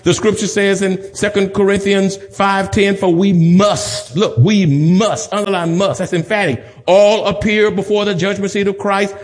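A male pastor preaching a sermon, building emphatic repetitions and slipping in humorous asides. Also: sits high. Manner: rhythmic repetition, rising to emphatic peaks. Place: church sanctuary.

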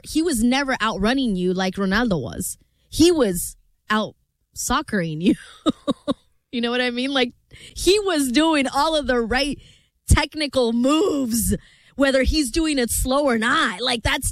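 Quick-talking female sports radio co-host. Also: sits high, dry recording. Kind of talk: casual sports talk.

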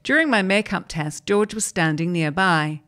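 A woman reading newspaper articles aloud at a measured, even pace. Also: lowish voice. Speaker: reader of articles.

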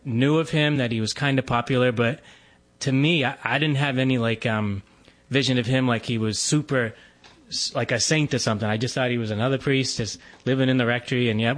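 A man, a Catholic priest telling a relaxed personal story with frequent fillers and laughs. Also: mid-range voice. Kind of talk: conversational testimony.

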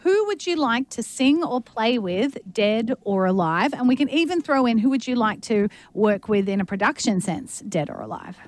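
A woman's voice: a little high, expressive, normal speed, few pauses, no room sound. A woman hosting a music podcast interview in a chatty, upbeat way, laughing often. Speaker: podcast host. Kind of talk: casual interview chat.

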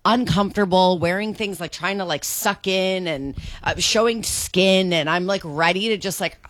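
A woman's voice: fairly low pitch, normal speed, fairly bright tone, no room sound. A woman co-hosting a morning radio show, chatting in an upbeat, bubbly way in a studio. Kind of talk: casual morning radio banter. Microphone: studio microphone.

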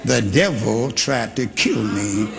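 An older man from Texas, preaching a sermon with shouting and animated storytelling. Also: lowish voice, slow, gravelly, music in the background. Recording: live church hall with congregation.

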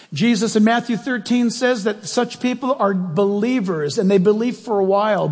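Husky high-voiced preacher in a big hall. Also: male voice. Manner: animated, emphatic, rhetorical questions to the audience. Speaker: pastor. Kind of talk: sermon.

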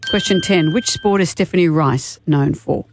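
A woman with an Australian accent hosting a radio quiz in a studio, encouraging the caller and reading the questions briskly. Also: deep voice, soft background music. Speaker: radio host, quiz master.

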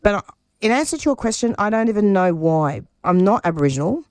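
A woman's voice: medium pitch, big pitch swings, quick pace, a little mellow, dry recording. Brief: middle-aged woman guest, passionate and emphatic, dry close mic. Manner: earnest and emphatic, often restarting phrases. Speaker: radio producer and interview guest. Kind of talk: personal interview answers.

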